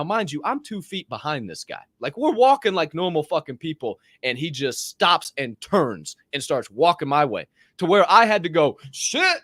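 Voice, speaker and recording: A man with a higher-than-usual voice tells a story, his pitch swinging widely as he acts out the people in it. He swears a lot and talks casually. The sound is dry and close. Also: dry recording. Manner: profane, animated, acts out voices in his stories. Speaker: podcast co-host.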